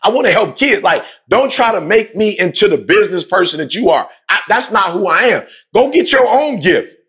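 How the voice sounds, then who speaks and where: A man's voice: sits high, moderate pace. A man speaking emphatically in a casual, slangy way, telling a personal story and repeating points for emphasis. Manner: emphatic, repetitive, slangy, animated. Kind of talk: passionate conversational storytelling.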